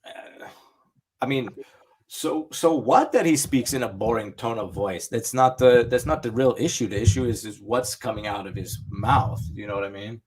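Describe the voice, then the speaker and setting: A man's voice: mid-range voice, moderate pace, darkish tone, husky. Questioning man on a podcast. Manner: questioning, reasoning aloud with "right?" and "you know what I mean?". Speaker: podcast co-host. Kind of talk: casual chat.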